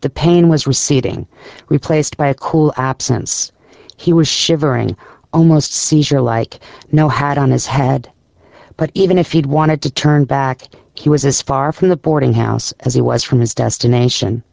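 A man narrating an audiobook story in a measured, descriptive storytelling manner. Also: mid-range voice, gravelly, a little mellow, no echo. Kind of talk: scripted narration.

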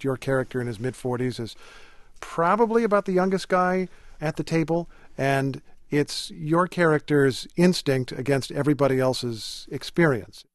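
A man hosting an interview at a middle pitch, measured and articulate in his questions. His voice sounds dry and close. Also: dry recording. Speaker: interview host. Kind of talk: radio interview.

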